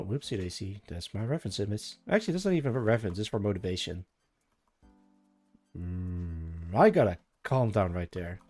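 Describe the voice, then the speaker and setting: A man's voice: on the low side, a little mellow. A man streaming live, chatting casually and thinking aloud as he rambles through tangents with his viewers.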